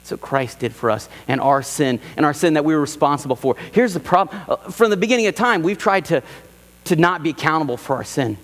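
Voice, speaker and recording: In a church sanctuary, a male pastor delivers a sermon with animated emphasis, repeating key phrases and acting out quoted lines. His voice sits a little high, he talks fast, and the sound carries the feel of a big room.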